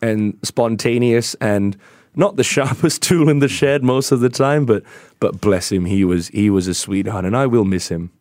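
Man, low voice, dry close sound, warm rambling anecdotes, interview guest. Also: moderate pace, dry recording. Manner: warm storytelling with laughs and many restarts. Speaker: guest, golf commentator. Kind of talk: remembering a late friend in a radio interview.

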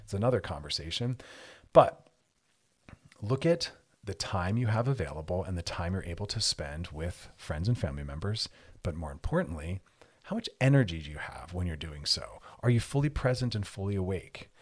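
Animated male radio advice host. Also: low voice, normal speed, breathy edge. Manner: animated, lively, often slips into mocking put-on voices for others. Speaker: radio show host and therapist.

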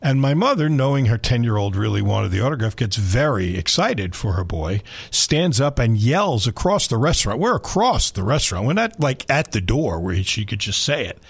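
A man in his sixties, a sports talk radio host, telling a story with lively energy and frequent laughter in a studio. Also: mid-range voice, moderate pace, vocal fry, few pauses, slightly rough.

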